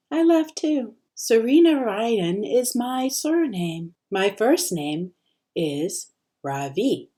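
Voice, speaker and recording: A teacher reading the first chapter of a children's novel aloud, with expressive storytelling. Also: female voice, mid-range voice. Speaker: teacher sharing books.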